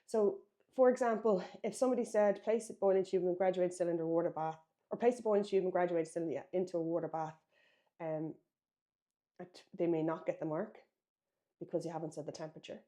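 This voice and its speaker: A woman's voice: fairly low pitch, fairly even intonation, brisk, mellow. A woman from Ireland teaching a biology exam revision lesson, emphatic and correcting herself as she writes. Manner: instructive, emphatic, self-correcting while writing.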